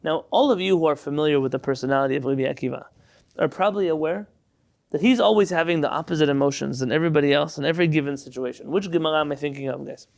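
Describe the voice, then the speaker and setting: A man leads a Torah lesson in a fast, high-pitched voice. He reads Hebrew passages aloud and turns each line into English, stopping to quiz his students. His voice has a gravelly, creaky edge. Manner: quizzes students with questions. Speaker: Torah teacher.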